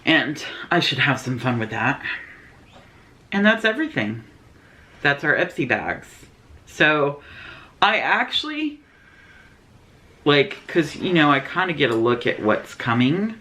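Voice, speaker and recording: An easygoing woman hosting a beauty unboxing video. Her voice sits remarkably low and swings up and down with lively intonation. She keeps things chatty and unhurried. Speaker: beauty vlogger host. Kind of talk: casual unboxing chat.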